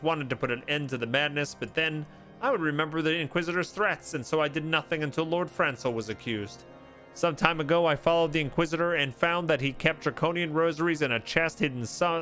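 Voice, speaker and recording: A remorseful male guardsman pours out his confession in a grave, steady voice, read aloud by a man. The tone is bright and clear. Soft game music plays underneath. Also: a little high, brisk.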